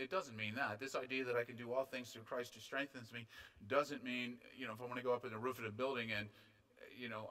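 A man preaching a sermon as pastor, rising to loud, high, drawn-out emphasis and dropping to quiet conversational asides. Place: church sanctuary.

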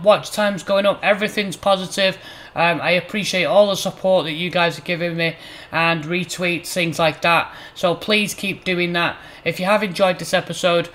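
Hosting his gaming channel, this high-voiced man delivers playful mock match commentary over his own football game matches. He's excitable, flaring up loudly on near misses, chances and goals.

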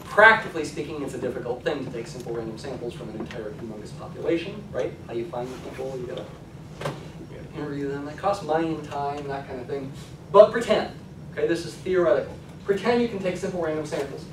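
Male stats lecturer, chatty classroom delivery, somewhat high voice, roomy distant sound. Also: quick pace, background noise. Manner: conversational, frequent "okay?" check-ins. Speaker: college statistics lecturer.

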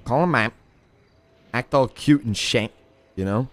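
A man's voice: mid-range voice, unhurried, a bit bright, dry recording. A man in casual in-character game chat, teasing and repeating himself with mob-boss swagger. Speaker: role-play player as Tony.

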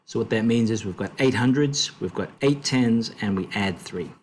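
A man tutoring a language lesson, explaining slowly and patiently with fillers and self-corrections. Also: lowish voice, a little hiss or hum.

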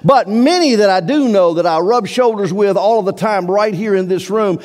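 A man's voice: sits high, a little mellow. A man preaching a sermon as pastor, earnest and emphatic, drawing out key words. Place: church sanctuary. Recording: long reverb of a church hall.

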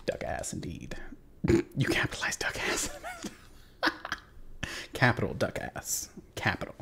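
A man's voice: lowish voice, big pitch swings, measured pace, creaky, fairly bright tone, in a whisper. A man streaming a video game, swearing and joking at his chat while he plays. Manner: profane, joking, talks to chat. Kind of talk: casual gameplay commentary. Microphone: desk mic.

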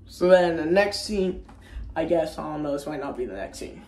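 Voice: medium pitch, lively intonation, moderate pace, a little mellow, echoey room. A vlogger giving a rambling, casual movie recap, often second-guessing the plot order and using slang. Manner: rambling, unsure of itself, slangy.

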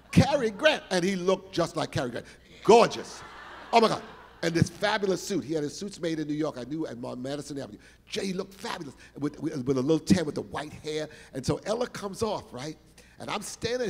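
Lively older man telling stories, gravelly. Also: fairly high pitch, in a large hall. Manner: lively, exclamatory, repeats words for emphasis. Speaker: guest performer telling stories. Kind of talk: animated storytelling interview. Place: stage in a large hall.

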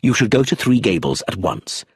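A man voicing a calm, shrewd older father in an audiobook, gentle and measured. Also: fairly low pitch, slightly rough, no echo, studio quality, heavily acted.

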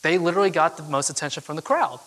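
Young man telling a story on stage, bright voice. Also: a little high, racing. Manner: casual, chatty storytelling with frequent fillers. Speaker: keynote speaker. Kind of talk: storytelling talk. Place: event hall with audience. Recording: long hall reverb.

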